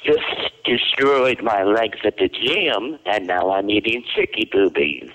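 A man's voice: on the low side, animated, unhurried, a bit bright, highs cut off. A man co-hosting a comedy podcast, talking in a campy, playful, bawdy way. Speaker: podcast co-host. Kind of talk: raunchy comedy banter.

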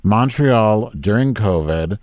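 A man's voice: fairly low pitch, lively intonation, takes it slowly, darkish tone, dry recording. Podcast host, male, fifties, profane exasperated rant, dry close sound. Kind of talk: casual live-stream rant.

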